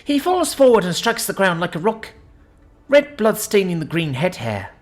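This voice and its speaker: A woman reading a first-person science-fiction story aloud in an expressive, dramatic narration. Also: mid-range voice, normal speed, faint music behind.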